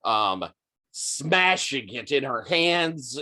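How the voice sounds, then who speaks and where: A man running a tabletop game as game master, taking his time and filling pauses with ums and uhs. His pitch moves a lot as he narrates, though he speaks slowly. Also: big pitch swings, fairly bright tone. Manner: unhurried, with frequent ums and uhs.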